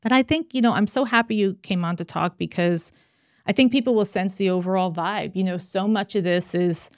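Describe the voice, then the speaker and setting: A woman hosting a podcast, chatting casually and telling stories with lively acted-out quotes. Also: medium pitch, fairly quick, no echo, studio quality. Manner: animated storytelling, acts out quoted voices. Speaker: podcast host. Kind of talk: casual chat.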